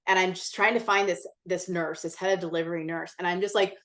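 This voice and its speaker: A woman's voice: on the low side, fairly even intonation, fast, a bit bright. A woman guest in a casual interview, telling a personal story in a candid, intense way, swearing freely and filling her talk with "like". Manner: chatty, many "like" fillers. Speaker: podcast guest.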